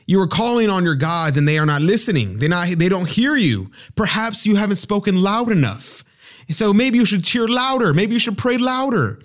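A bold prophet hurling taunts, voiced by a man retelling a story. His voice climbs high and emphatic as he mocks and challenges. The delivery stays lively and pointed throughout the retold scene. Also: moderate pace. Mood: taunting. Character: bold, mocking male prophet Elijah. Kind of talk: retold story with acted quotes.

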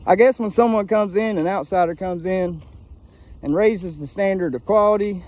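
A man's voice: high-pitched, warm tone. A man from Ohio vlogging a casual, profane and meandering monologue, tired and a bit winded. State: winded from walking a bicycle uphill.

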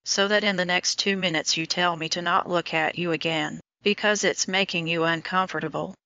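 A woman's voice: fairly low pitch, steady tone, moderate pace, gravelly, sharp tone, dry recording. A woman voicing an intense, lovesick young man in an audiobook romance, speaking in an urgent, pleading way. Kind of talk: audiobook dialogue reading. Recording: dull lo-fi audio.

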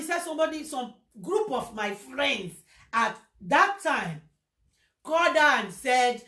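A Nigerian woman talks to her followers in a high, lively voice, telling a personal story and dropping into Pidgin now and then. Her voice rings in an echoey room. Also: takes it slowly. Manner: animated storytelling, slipping into Pidgin. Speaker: social media presenter. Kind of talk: casual livestream monologue.

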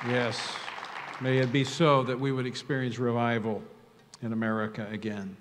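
A male host introduces each speaker with formal titles, lifting his voice on the names. His pitch is middling for a man. The sound carries a long reverb from a large hall. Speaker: event host.

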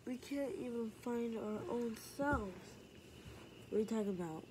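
A woman's voice: mid-range voice, takes it slowly, pauses often. A woman performing every character of a homemade story herself, moving between plain lines and shrieked, wailing cries. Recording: noisy homemade recording.

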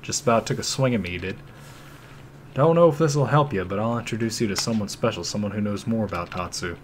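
A man's voice: on the low side, quick pace, slight background noise, close to an everyday voice. A man voicing a wry, easygoing older male shopkeeper. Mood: dry.

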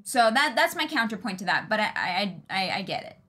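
Woman bright, chatty podcast co-host. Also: mid-range voice, sing-song, fast talker. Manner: chatty, heavy use of "like". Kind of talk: casual livestream book chat.

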